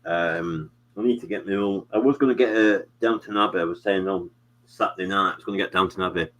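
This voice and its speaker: With a low voice and a fast delivery, a British man chats casually on his live stream, wandering from point to point and peppering his talk with fillers and "you know what I mean." A noisy background runs behind him.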